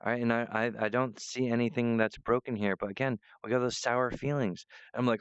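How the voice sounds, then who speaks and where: A man's voice: mid-range voice, steady tone, brisk, hardly any pauses, smooth, no echo, muffled recording. A man rambling in a monologue to camera, meandering, restarting often and breaking off to apologize. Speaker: vlogger.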